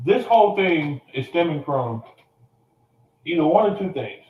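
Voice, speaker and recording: A man's voice: on the high side, very animated, a little slow, echoey room, highs cut off. A man telling an emotional personal story, blunt and profane, coughing now and then.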